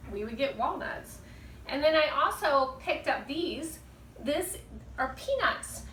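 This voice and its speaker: A woman teaching a children's Bible lesson, talking to the kids in an animated, gushing, sing-song way. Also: a little high, slight background noise. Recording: echoey room, mic at a distance.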